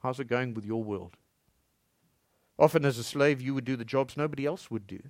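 A man preaching a sermon as pastor in a church, swinging between loud emphatic lines and soft low passages. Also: a little fast, dry recording, studio quality.

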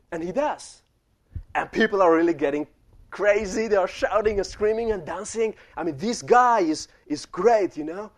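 Young male preacher, high tenor, chatty sermon storytelling that speaks straight to the room. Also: moderate pace. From refugee childhood in the Netherlands. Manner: storytelling, addresses the congregation directly.

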